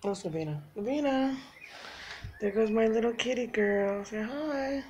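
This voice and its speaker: A cat owner films her pets indoors at home, chatting to them in coaxing baby talk and laughing a lot. She speaks a little slowly in a higher, darkish voice, and the recording is muffled with slight background noise.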